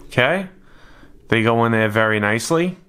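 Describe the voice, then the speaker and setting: A man's voice: medium pitch, expressive, moderate pace, noisy background. A man narrating a casual hands-on product review in a laid-back, matter-of-fact way.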